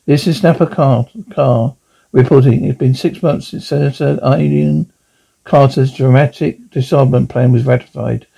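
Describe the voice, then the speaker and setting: Cartoon newscaster, brisk, slightly husky and gravelly one man voicing. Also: mid-range voice, fairly even intonation, warm tone, rough recording. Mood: reporting. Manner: newscaster delivery. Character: brisk male news reporter.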